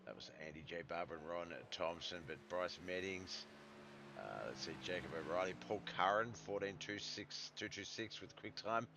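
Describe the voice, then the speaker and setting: Deep-voiced Australian man calling a sim race. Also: normal speed, noisy background. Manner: relaxed, rambling, with frequent fillers and self-corrections. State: voice starting to go. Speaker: sim racing commentator. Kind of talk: live esports race commentary.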